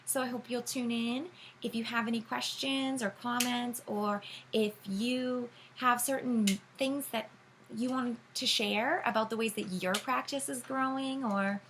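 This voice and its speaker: A woman's voice: a little high, fairly even intonation, unhurried, fairly bright tone, slight background noise, poor audio. A woman tarot reader teaching beginners in a loose, rambling way, with many fillers and restarts. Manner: rambling, filler-heavy, self-correcting. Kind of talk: casual teaching monologue.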